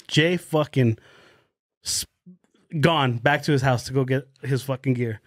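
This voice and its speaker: A man's voice: mid-range voice, measured pace, pauses often, no room sound, clean studio sound. A young man on a podcast, telling a wild story with lots of swearing and laughing along the way. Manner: animated storyteller, swears freely, laughs through his story. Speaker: podcast co-host. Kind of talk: casual podcast chat.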